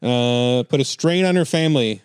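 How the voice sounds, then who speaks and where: A man's voice: medium pitch, normal speed, a little mellow, clean tone, no room sound, clean studio sound. A man hosting a comedy podcast, reading news headlines aloud and joking between them with frequent laughs. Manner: jokey, laughs often, reads headlines aloud. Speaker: podcast host. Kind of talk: casual comedic news chat.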